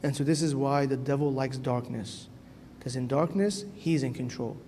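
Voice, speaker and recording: Addressing a youth gathering in church, a priest speaks in a mellow, medium-pitched voice at a moderate pace. His sermon is earnest and conversational, dotted with "right?", and the hall's echo and faint noise come through.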